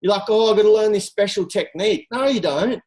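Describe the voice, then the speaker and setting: A coach speaking to a team on a call. The delivery is energetic and direct, built on rhetorical questions that push listeners to act. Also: medium pitch, a little fast, rough recording. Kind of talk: motivational talk on a group call.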